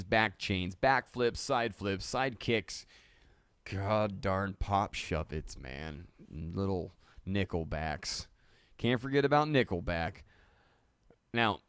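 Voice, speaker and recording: Lively-pitched man rambling on a livestream. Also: smooth, no room sound, clean studio sound. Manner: joking, swears, bursts into mock panic. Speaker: live sound engineer and stream host.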